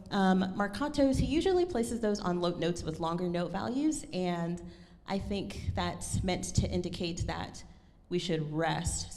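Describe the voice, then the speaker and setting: A woman's voice: on the low side, a little mellow, long reverb tail. A woman giving a lecture recital, speaking thoughtfully and correcting herself with frequent ums. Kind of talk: lecture presentation.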